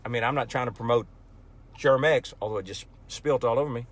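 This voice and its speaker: A man's voice: medium pitch, fairly quick. A man chatting casually on a livestream from his pickup at a ranch, rambling and telling jokes. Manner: folksy, rambling joke-teller. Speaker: country singer hosting a livestream. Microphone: phone livestream.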